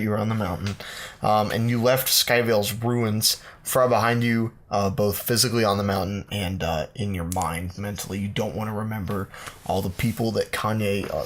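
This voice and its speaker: A man co-hosting a podcast, improvising a playful fantasy story with many fillers and pauses. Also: lowish voice, fairly bright tone, a little hiss or hum. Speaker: podcast co-host narrating a comic fantasy story.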